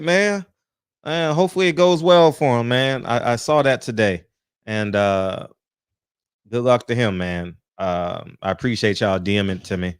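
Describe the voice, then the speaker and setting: A man hosts a relaxed livestream from home, shouting out viewers one by one in an animated, easygoing way and sprinkling "man" through his sentences. His voice sits at an everyday middle pitch. The sound is close and dry with no room echo. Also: unhurried, clear, resonant tone. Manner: animated, laughing, peppers lines with "man". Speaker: host. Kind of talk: casual livestream chat. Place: home, just out of the shower.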